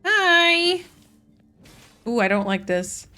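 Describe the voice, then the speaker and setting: A woman's voice: mid-range voice, a little slow, fairly bright tone. Chatty woman streamer over faint game music. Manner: chatty, reads and answers chat while playing. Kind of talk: casual gaming livestream chat.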